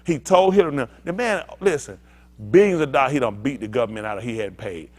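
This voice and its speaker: Animated preaching pastor, man. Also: fairly high pitch, fairly quick. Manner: animated, rousing, talks back and forth with the congregation. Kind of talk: preaching to a congregation.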